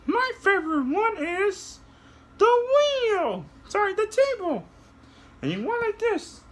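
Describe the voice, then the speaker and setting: Guy doing squeaky excited lil girl cat, way high, super bouncy. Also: slow, heavily acted. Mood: eager. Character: excitable little female cat puppet.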